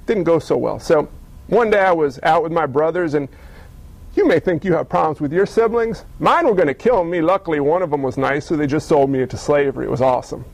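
A man's voice: a little high, gravelly, dry recording, voice pushed down, low-quality recording. A man doing a wry, long-suffering Joseph. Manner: sarcastic, comic storytelling. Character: male Joseph, wry, long-suffering, telling his woes.

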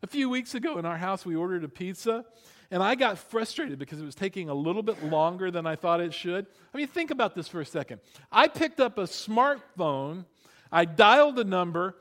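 A man preaching a sermon, animated, building up loud then dropping to hushed emphasis, and having the congregation repeat words after him. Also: sits high, moderate pace. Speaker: pastor.

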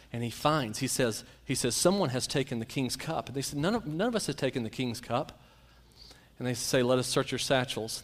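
A man preaching a sermon, telling Bible stories and a personal anecdote and acting out the quotes with lively shifts. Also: mid-range voice. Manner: storytelling, animated, acts out quotes.

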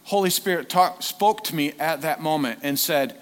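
With lively intonation and few pauses, a man speaks at a moderate pace in a slightly high, fairly bright voice. He's a lay preacher and former youth leader giving a casual sermon full of questions for the congregation.

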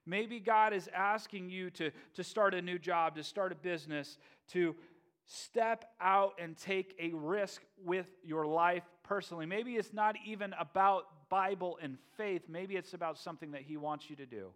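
A man preaching a sermon, lively and humorous, acting out scenes. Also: high voice, moderate pace. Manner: animated, acts out biblical figures with playful humor. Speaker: pastor.

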